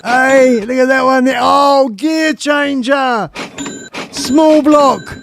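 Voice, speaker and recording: An Australian man hosting a live stream, shouting greetings and thanking viewers with exuberant energy. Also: extremely high pitch, fairly even intonation, drawn-out words, vocal fry, background noise. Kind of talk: excited live stream chat. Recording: music playing behind.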